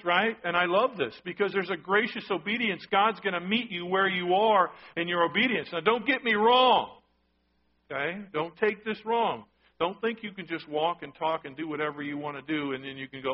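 Male pastor, higher voice, conversational sermon, dull lo-fi recording. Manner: conversational, asks the congregation questions.

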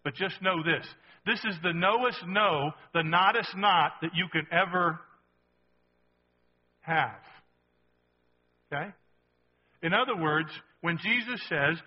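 A high-voiced man preaching with animated, conversational energy, tossing rhetorical questions to his listeners. The sound is dull and lo-fi. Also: moderate pace, long pauses. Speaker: pastor. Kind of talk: sermon.

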